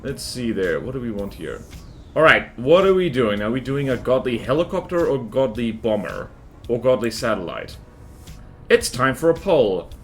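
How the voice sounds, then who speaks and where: A man's voice: medium pitch, big pitch swings, normal speed. A young man chatting casually on a game livestream, rambling and joking as he greets viewers by name. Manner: rambling, self-mocking, greets chat by name. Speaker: streamer. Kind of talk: casual gaming livestream chat.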